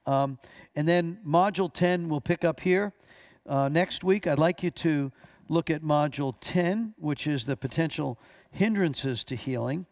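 A man's voice: fairly high pitch, a little slow, darkish tone, dry recording, clean studio sound. A man teaching a church class as pastor, telling stories earnestly with frequent restarts.

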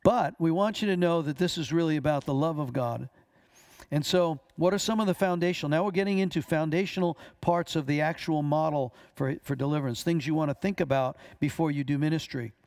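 A middle-aged man teaching a class on deliverance ministry, telling animated stories and acting out the voices in them. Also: fairly high pitch, fairly quick. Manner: animated storyteller, acts out voices in his stories.

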